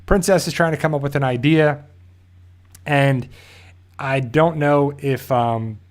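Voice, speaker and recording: Male reviewer at an everyday mid pitch, loosely talking through an episode recap and correcting himself along the way. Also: measured pace. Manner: rambling, self-correcting, loosely paraphrases scenes. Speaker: TV show reviewer.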